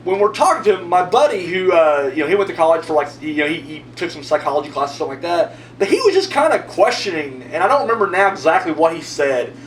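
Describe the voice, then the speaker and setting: Animated, profane man telling a story. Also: fairly high pitch, fast, few pauses, recorded from a distance. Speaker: video host answering viewer comments. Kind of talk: casual storytelling monologue. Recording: roomy echo, mic set back, faint hum.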